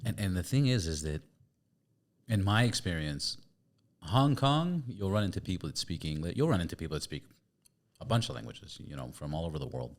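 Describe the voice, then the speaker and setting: Male host with a deep voice; asks short, curious follow-ups. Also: sing-song, fairly quick. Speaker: podcast host. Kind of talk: interview questions.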